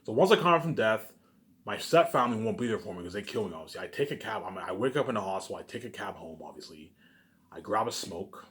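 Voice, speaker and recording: A man's voice: fairly low pitch, lively intonation, fast talker, a bit bright. A man giving a rambling, repetitive monologue to camera that turns into a heated rant, with frequent swearing. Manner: swears often, keeps saying "obviously". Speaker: vlogger.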